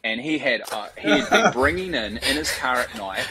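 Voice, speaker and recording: Kiwi guy in his 40s, lively storyteller, swears a lot, bit of noise behind. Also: mid-range voice, moderate pace, rough recording. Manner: animated storyteller, swears freely, acts out quoted voices. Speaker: guest, startup founder. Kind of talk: casual interview chat.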